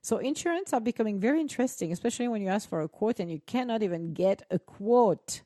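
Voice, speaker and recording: Chatty woman with a dark, mellow voice. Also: medium pitch, quick pace, dry recording, studio quality. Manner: chatty and animated, frequent laughs and exclamations. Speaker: co-host. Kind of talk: casual chat to listeners.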